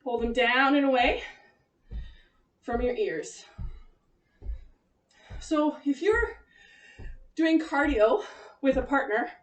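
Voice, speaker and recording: A woman's voice: sits high, animated, takes it slowly, long pauses. A woman fitness instructor leading a home cardio workout, chatty and encouraging, and out of breath as she exercises. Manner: encouraging, chatty, laughs often. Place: room at home. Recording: echoey room, voice from a distance.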